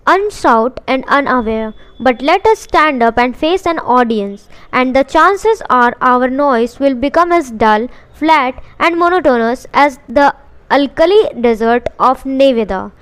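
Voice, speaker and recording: A woman hosting her channel and reading a self-help book aloud, slow and deliberate, lingering on the key words. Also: high voice, clear, resonant tone. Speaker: audiobook reader and channel host.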